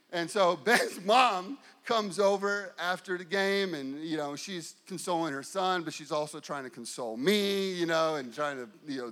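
A man in his forties, a pastor, telling a lively story in a sermon and now and then breaking into shouts as he acts it out. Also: on the high side. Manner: animated, bursts into shouts while acting out his story.

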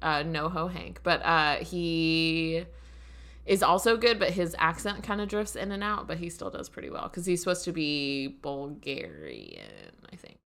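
A woman's voice: deep voice, very animated, a little slow, creaky, fairly bright tone. A woman co-hosting a podcast from her apartment, rambling in casual chat with many fillers. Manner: rambling, full of "like" and "um". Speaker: podcast co-host.

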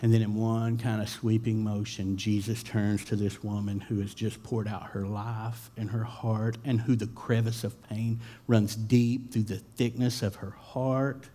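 A man's voice: fairly low pitch, little pitch movement, a little slow, hardly any pauses, dark tone, a little hiss or hum. A man giving a sermon, talking in a casual, conversational way with frequent fillers and repeated starts. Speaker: pastor.

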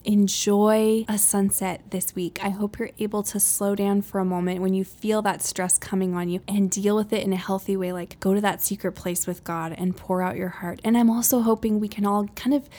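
A woman's voice: medium pitch, steady tone, moderate pace, hardly any pauses, mellow. Upbeat chatty woman podcast host. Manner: chatty and upbeat, laughing often at herself. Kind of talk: casual faith-based podcast monologue.

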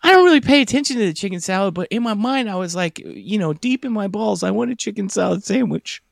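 A man co-hosting a podcast, telling a long comic story in a halting, rambling way that keeps circling back on itself. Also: high-pitched, expressive, vocal fry, no echo, studio quality. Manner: rambling, halting, self-interrupting. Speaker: podcast co-host. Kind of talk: casual comedic storytelling.

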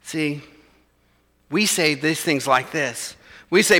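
A man's voice: on the high side, takes it slowly, pauses often, pushed and bright, long reverb tail. A man, preaching a sermon in a church in a conversational way and acting out the voices of his listeners. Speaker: pastor.

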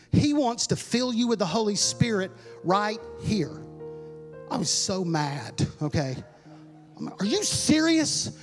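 High-voiced preacher telling his story. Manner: animated, self-mocking, repeats words while telling a story. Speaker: pastor. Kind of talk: sermon testimony storytelling. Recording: long hall reverb with faint music.

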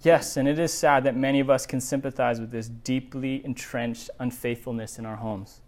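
Pastor, sermon, scripture reading, emphatic, rhetorical questions, medium pitch. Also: fairly even intonation, moderate pace, a little mellow. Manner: emphatic, builds lists of words, asks rhetorical questions.

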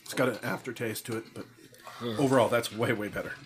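A man's voice: medium pitch, steady tone, quick pace. A man co-hosting a casual podcast, teasing and profane in his banter. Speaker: podcast co-host. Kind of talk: casual drinking podcast chat.

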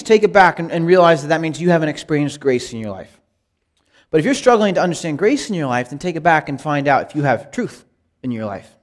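This Bible study teacher has a high voice and speaks in an earnest, emphatic, conversational sermon style. When he quotes scripture, his voice climbs in lively rises.

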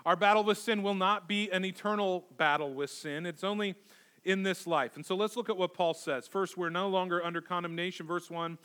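High-voiced man preaching a sermon. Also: fairly even intonation, fairly quick, pushed and bright, smooth. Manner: emphatic, repeats key words for stress. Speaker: pastor. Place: church sanctuary.

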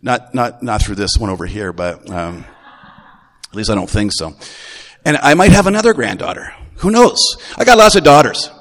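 A middle-aged man, a grandfather, preaching a Sunday sermon in a relaxed, folksy way, full of restarts. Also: fairly low pitch, moderate pace. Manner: conversational, folksy, with repeated restarts. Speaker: pastor. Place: church. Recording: long reverb of a church hall.

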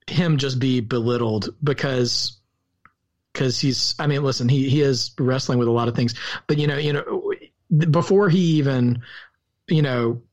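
A man with a Southern US accent, co-hosting a podcast and discussing a film in an earnest, halting way with many restarts. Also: mid-range voice. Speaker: podcast co-host.

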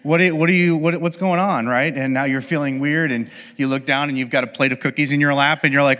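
A man preaching with a slightly high voice, chatty and joking, slipping into little voices for the people in his stories. His sermon rings out with the long reverb of a big hall. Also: steady tone, a little fast, a bit bright. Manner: conversational and playful, acting out quoted voices. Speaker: pastor.

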